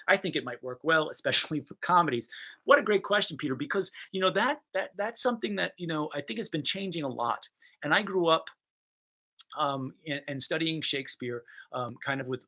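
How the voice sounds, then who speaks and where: A man from Rhode Island who teaches theatre, answering viewer questions in a casual talk, thoughtful and halting, with many fillers and restarts. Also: medium pitch, sharp tone, poor audio. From Rhode Island, USA.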